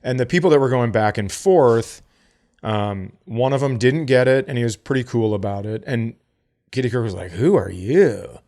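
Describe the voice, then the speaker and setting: A laid-back man with a voice of middling pitch tells a story on a podcast. He jokes as he goes and slips into little voices for the people he quotes. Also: moderate pace, darkish tone. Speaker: podcast co-host. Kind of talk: casual storytelling chat.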